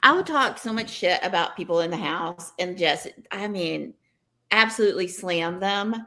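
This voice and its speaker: Wry, bright-voiced woman co-host. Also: on the low side, expressive, moderate pace. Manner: wry and sarcastic, laughs easily. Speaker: podcast co-host. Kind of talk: casual podcast chat.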